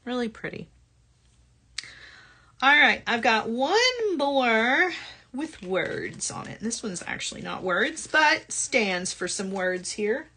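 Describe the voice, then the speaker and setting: A woman's voice: fairly high pitch, sing-song, slow pace, sharp tone, slightly rough. A woman hosting a live jewelry-supply sales show, chatting upbeat and often tagging her sentences with "right?". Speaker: host of a live shopping show.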